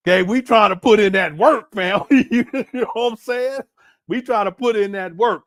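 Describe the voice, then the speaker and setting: A man doing casual reaction commentary, animated and exclaiming, laughing often. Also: sits high, moderate pace, no echo, studio quality. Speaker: commentary host.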